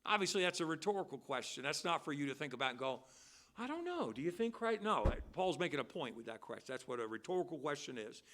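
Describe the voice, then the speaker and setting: A man preaching as pastor at a midweek church service, swinging between loud, drawn-out stressed words and quiet, quick asides. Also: mid-range voice, expressive. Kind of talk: expository sermon. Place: church sanctuary.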